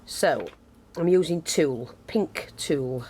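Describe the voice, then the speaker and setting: A woman with a deep, slightly mellow and breathy voice gives a casual craft tutorial at a moderate pace. She's chatty and self-deprecating, thinking aloud as she works close to the camera, which sits near her hands and picks up her breathing.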